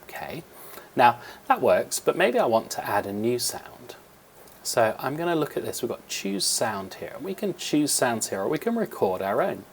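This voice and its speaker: A man's voice: mid-range voice, very animated, normal speed, gravelly, slight background noise. A man teaching young children a coding lesson over a screen recording, explaining step by step in a patient way, with fillers, into a computer microphone.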